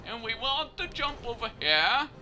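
A man's voice: very high-pitched, big pitch swings, a little slow. A man giving casual let's play commentary, joking and swearing at the character on screen. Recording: game music loud behind voice.

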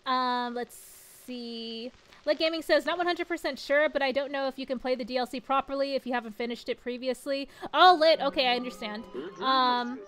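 Woman, high voice, giggly chatty streamer, game music playing behind. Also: brisk, fairly bright tone. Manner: giggly and chatty, reads chat and story text aloud. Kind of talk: casual live-stream chat while gaming.

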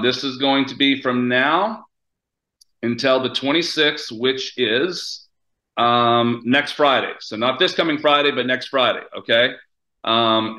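A man's voice: medium pitch, pushed and bright, low-quality recording. Hyped-up American man hosting a call. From United States. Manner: upbeat, hyped, many fillers. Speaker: host of a company call. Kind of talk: casual webinar hosting.

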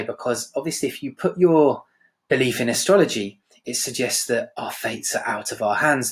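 Male teacher, conversational lesson. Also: medium pitch. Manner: conversational, checks in with "right?". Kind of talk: recorded literature lesson.

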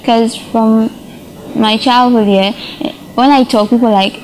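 A woman's voice: fairly high pitch, fairly even intonation, unhurried, darkish tone, slight background noise, rough recording. A young woman with a Nigerian accent, answering interview questions in a casual way and often ending phrases with "yeah?". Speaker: interview guest, social media performer.

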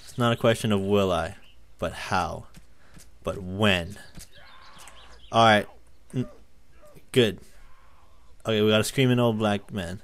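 A young man giving excitable gameplay commentary, swearing often and yelling when he wins or dies. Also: on the low side, unhurried, long pauses. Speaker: gaming YouTuber.

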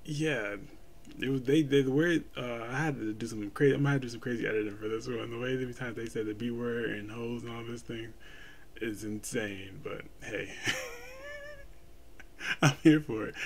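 A man's voice: medium pitch, huge pitch swings, moderate pace. A man hosting a reaction video, chatting loosely with his viewers and rambling through his thoughts. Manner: loose and rambling, laughs often. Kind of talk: casual reaction chat.

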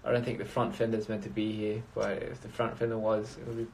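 A man's voice: fairly low pitch, completely flat delivery, quick pace, a little mellow, slight background noise. A man chatting casually on a phone livestream, rambling and reading out viewer comments. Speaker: livestream host.

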